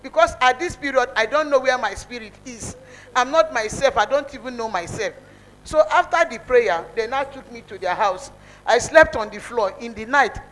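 A woman's voice: a little high, expressive, moderate pace, fairly bright tone, slight background noise, rough recording. A woman giving a spoken testimony in church, telling her story earnestly, with emotion and many repeats.

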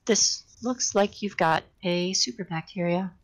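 Poor audio captures a woman reading a novel aloud in a relaxed way during a live stream. Her mid-range voice moves a little slowly, and she gives the dialogue small vocal changes for different characters, occasionally slipping and restarting.

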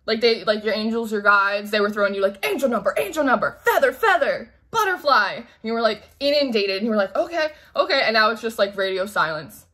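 A woman giving a casual tarot reading in a chatty, animated way, acting out quoted voices and laughing often. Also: medium pitch, fast talker, few pauses. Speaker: tarot reader.

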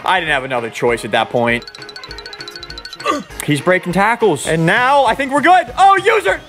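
Excitable young man calling his own game. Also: fairly high pitch, moderate pace, music in the background. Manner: excitable, swings between muttered asides and sudden shouts. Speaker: gaming YouTuber. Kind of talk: live commentary over his own football video game play.

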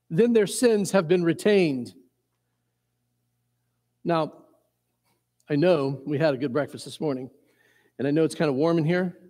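A fairly high-pitched male pastor from Indiana delivering a sermon, earnest, stumbling over repeated words as he builds his points. His voice rings with a long reverb through a church sanctuary. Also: a little mellow. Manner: earnest, repeats words and restarts often, chuckles at himself.

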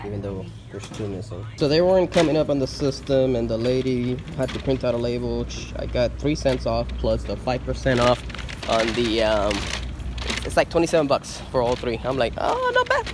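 A man, chatting casually as a collector vlogger, mumbling then bursting into loud exclamations. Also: mid-range voice, fairly quick. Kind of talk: casual chat. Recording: noisy background.

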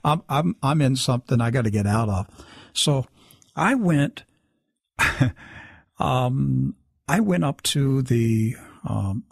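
Speaking in a medium-pitched voice that's creaky and husky, a man appears as a guest storyteller and tells a long personal story in a casual way. He animatedly acts out the quoted dialogue of the people involved, in clean studio audio with no echo.

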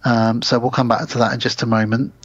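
A man's voice: medium pitch, brisk, slightly rough, no room sound, muffled recording. Man animatedly recapping a film. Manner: animated retelling, acts out characters' lines. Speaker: podcast co-host. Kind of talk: casual film recap chat.

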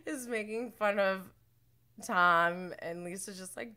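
A woman's voice: mid-range voice, slow pace, pushed and bright. A woman hosting a casual reality-show recap, rambling and chatty, laughing often and mimicking the people she talks about. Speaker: podcast host.

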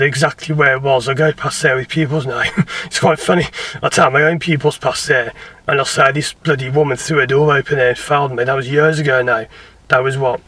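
English bloke, driving instructor, mix of posh and Birmingham accent, bright voice, rambling and self-mocking. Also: male voice, mid-range voice, far from the mic. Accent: English, between posh southern and Birmingham. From England. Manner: rambling, chatty, self-deprecating, laughs often. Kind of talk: casual Q&A to camera.

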